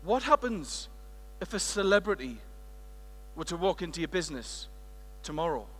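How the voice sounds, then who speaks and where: A British man from the United Kingdom giving a lively, playful keynote on stage in a large conference hall, working the crowd as he tells a story. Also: a little high, moderate pace. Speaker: keynote speaker.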